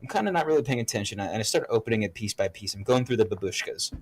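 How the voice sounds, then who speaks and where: A young man co-hosting a podcast, telling a story in casual chat with lots of swearing and animated bursts. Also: on the low side, very fast. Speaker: podcast co-host.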